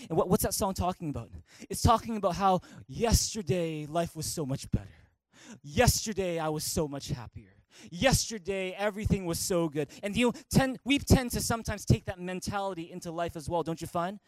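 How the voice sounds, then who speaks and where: A middle-aged male pastor giving a lively sermon, acting out quoted voices and singing snatches of song. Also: high voice, normal speed, no room sound, low-quality recording. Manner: energetic, animated preaching that acts out quoted voices and sings snatches of song.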